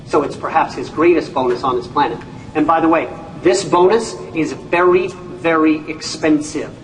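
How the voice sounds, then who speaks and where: A man giving a lively, jokey sales presentation at a whiteboard, making his points through stories. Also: on the high side, moderate pace, a little hiss or hum. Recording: echoey room, mic far off, faint ambience.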